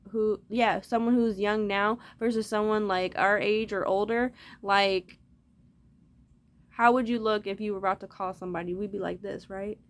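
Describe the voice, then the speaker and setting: A woman's voice: medium pitch, level tone, normal speed. A woman talking straight to her viewers in a loose, rambling monologue, swearing freely as she goes. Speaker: vlogger.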